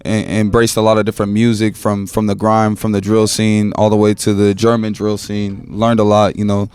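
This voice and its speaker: A man's voice: on the low side, completely flat delivery, moderate pace, darkish tone, clean tone. A young man from Los Angeles, a rapper guest in a casual podcast interview, talking in a laid-back way with street slang and frequent "you know" tags.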